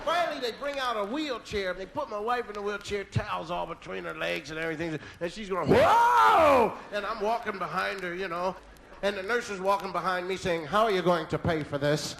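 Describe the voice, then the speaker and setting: A male comedian telling a story on stage into a stage mic, animated, with yelled sound effects. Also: sits high, a little fast, vocal fry. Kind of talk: stand-up storytelling. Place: on stage at a live show.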